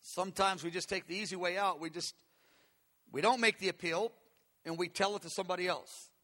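A man's voice: high-pitched, steady tone, fairly quick, a bit bright. A man preaching a conversational, earnest sermon, asking his listeners questions as he teaches. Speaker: pastor.

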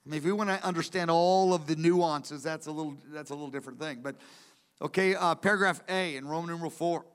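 A man with a notably high voice delivers a Bible teaching from his notes. He speaks earnestly and with emphasis, circling back to repeat key words so they land. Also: fast talker, fairly bright tone, clean tone. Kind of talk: teaching sermon from lecture notes.

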